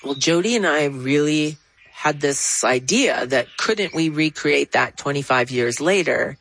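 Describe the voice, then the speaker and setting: A woman, a writer, telling an animated first-hand story with soft music behind. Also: unhurried, a little hiss or hum, poor audio. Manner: animated, rising pitch when excited. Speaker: interviewee. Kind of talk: storytelling in an interview.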